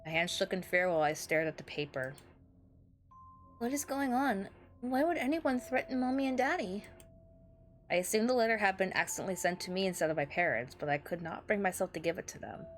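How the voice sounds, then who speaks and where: A woman voicing a small, frightened young boy who narrates his own story in an earnest, soft way. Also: medium pitch, animated, a little fast, slight background noise, close to an everyday voice.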